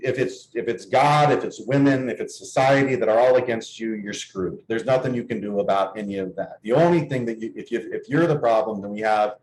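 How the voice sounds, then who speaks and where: A man's voice: lowish voice, brisk, few pauses, a little mellow, a little hiss or hum. Earnest man in an echoey room. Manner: earnest, explanatory storytelling. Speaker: dating coach. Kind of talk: casual conversation.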